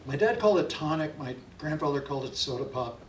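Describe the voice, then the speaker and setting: A man's voice: a little high, lively intonation, fast talker, slight background noise. A middle-aged man telling stories and leading an audience sing-along at a library event, chatty and folksy. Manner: chatty and folksy, leads call-and-response singing. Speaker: folk singer and storyteller. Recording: roomy sound from a distant mic.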